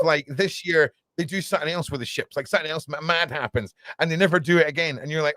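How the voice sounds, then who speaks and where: A man hosting a casual livestream chat, rambling and joking excitedly. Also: on the high side, fast, hardly any pauses, no echo. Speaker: podcast host.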